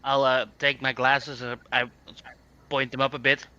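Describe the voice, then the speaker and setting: A man's voice: medium pitch, level tone, moderate pace, bright, forceful tone, clean tone. A man playing a tabletop game, eager and laughing, stumbling over fillers. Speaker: player. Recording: dull lo-fi mic with faint noise.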